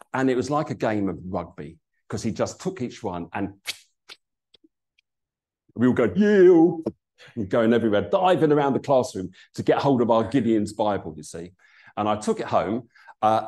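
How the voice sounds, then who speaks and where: A man's voice: lowish voice, darkish tone. A man, giving an informal sermon in a chatty storytelling manner. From East London, England. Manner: chatty, storytelling, many fillers. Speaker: preacher.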